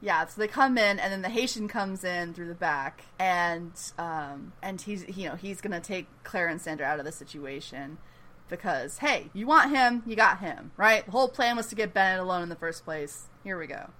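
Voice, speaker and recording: A woman giving a casual, animated episode recap, chatty and full of "like" and "you know.". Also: on the low side, normal speed. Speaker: podcast host recapping a TV episode. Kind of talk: casual chat.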